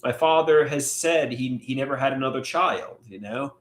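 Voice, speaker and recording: A man hosting a live solo stream, talking in a halting, reflective way with many filler words. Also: mid-range voice. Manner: halting, reflective, frequent "you know" fillers. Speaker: livestream host. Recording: echoey room.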